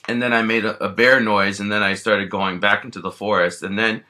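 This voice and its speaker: A man's voice: on the low side, little pitch movement, brisk, pushed and bright. A man casually telling a rambling first-person story as a bear character, filling his sentences with lots of "you know" and restarts.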